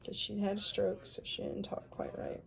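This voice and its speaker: A woman in her fifties telling a personal faith testimony, soft-spoken and often sinking into a breathy whisper. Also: medium pitch, monotone, normal speed. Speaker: speaker sharing a faith testimony.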